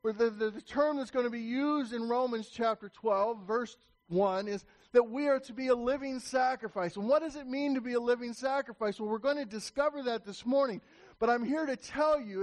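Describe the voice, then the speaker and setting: A man preaching a sermon to his congregation in a church, emphatic and repetitive, raising his voice to call for attention. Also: extremely high pitch. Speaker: pastor.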